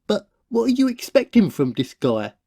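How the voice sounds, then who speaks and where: A man's voice: high voice, huge pitch swings, moderate pace, vocal fry, mellow, breathy edge, no room sound, studio quality, heavily acted. A man voicing a timid, nervous young male roommate in a cartoon, hesitant and stammering when put on the spot. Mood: worried. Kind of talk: cartoon voice acting.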